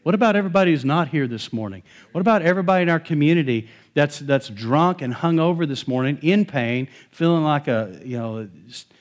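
A middle-aged male pastor preaching a sermon in a conversational, animated way, with touches of humor. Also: fairly high pitch, fairly quick, few pauses.

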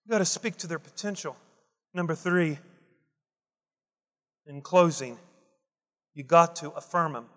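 A man's voice: on the high side, a little slow, long pauses, fairly bright tone, big-room sound. A man preaching a Father's Day sermon, emphatic and repetitive, building intensity as he quotes scripture. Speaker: pastor.

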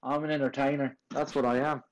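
A man's voice: mid-range voice, level tone, quick pace, background noise. A man co-hosting a sports podcast in casual chat, brash and riled up, with plenty of cursing. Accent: put-on accent at times. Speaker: podcast co-host.

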